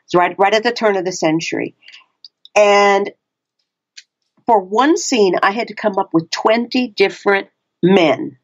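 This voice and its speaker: A woman's voice: measured pace, pauses often, muffled recording. A woman with a Texan accent, an audiobook narrator chatting animatedly as an interview guest. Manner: animated, restarts often, frequent pitch swings. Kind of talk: casual interview chat.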